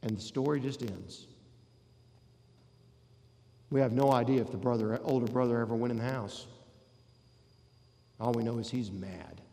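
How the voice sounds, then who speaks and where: Gravelly-voiced preacher in a reverberant hall. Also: male voice, mid-range voice, warm tone. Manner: conversational, rhetorical questions to the congregation. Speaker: pastor. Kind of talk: sermon.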